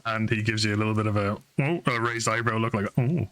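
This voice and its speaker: A man narrating a tabletop game as game master, relaxed and quick to laugh. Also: fairly low pitch, smooth.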